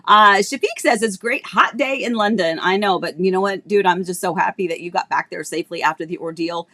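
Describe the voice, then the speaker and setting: A woman's voice: mid-range voice, brisk, pushed and bright. Chatty woman real estate host with a throaty cough. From Florida, United States. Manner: bubbly, chatty, greets viewers by name. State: tickle in her throat, coughing. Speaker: real estate agent hosting a live stream. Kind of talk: casual live-stream chat.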